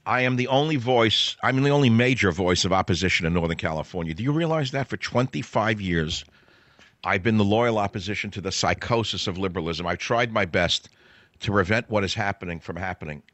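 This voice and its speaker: A man's voice: on the low side, fairly quick, fairly bright tone, dry recording. A man hosting a talk radio show, giving a sarcastic, indignant political monologue with scornful asides.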